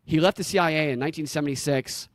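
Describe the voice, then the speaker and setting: A man's voice: fairly high pitch, fast talker, no echo, studio quality. A man with a Southern US accent hosting a podcast, chatting casually and telling rambling stories with easy laughs. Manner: rambling storyteller, laughs easily. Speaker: podcast host.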